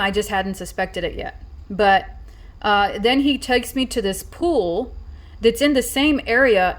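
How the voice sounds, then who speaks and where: Woman vlogger rambling thru a story, kinda high voice, lots of likes and ums. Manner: rambling, many fillers and restarts. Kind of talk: casual storytelling.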